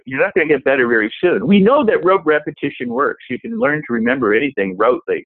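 A man's voice: on the high side, fast talker, gravelly, no room sound. A man giving a motivational self-help talk, acting out the voices in your head. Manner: animated, acts out inner voices. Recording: tinny phone-like radio sound.

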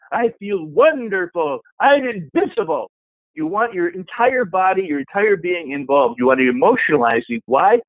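A man's voice: a little high, no echo. Man giving a motivational talk over tinny radio. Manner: animated, acts out inner voices. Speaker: self-help speaker. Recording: tinny phone-like radio sound.

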